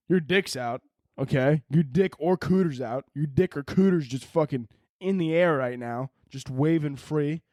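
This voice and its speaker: A man hosting a solo podcast, rambling through a crude, profane comedic monologue with animated swings in his delivery. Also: on the high side, dry recording, clean studio sound. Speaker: podcast host.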